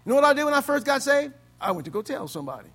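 Gravelly high-voiced preacher, loud then hushed. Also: male voice, very animated, racing, soft background music. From United States. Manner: swings between loud exclaiming and low quiet delivery. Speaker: pastor. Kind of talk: sermon.

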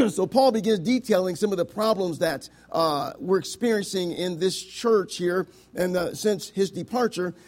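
High-voiced man preaching emphatically. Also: expressive, moderate pace, hardly any pauses. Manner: emphatic, swings from loud to hushed, stretches key words; addresses the congregation with rhetorical questions. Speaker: pastor. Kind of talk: sermon.

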